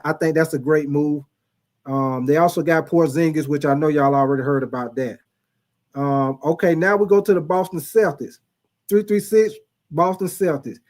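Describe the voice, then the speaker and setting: A man's voice: on the high side, darkish tone. Chatty man hosting a sports live stream. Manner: chatty, reads out viewer comments, addresses chat as y'all; informal, repetitive, many fillers. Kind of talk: casual live stream commentary.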